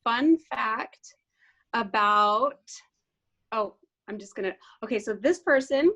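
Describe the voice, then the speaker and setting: Woman guest, slightly high voice, tearful and giggly. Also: animated, slow, fairly bright tone, lo-fi sound. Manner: emotional, giggly, rambling. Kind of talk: casual group video chat.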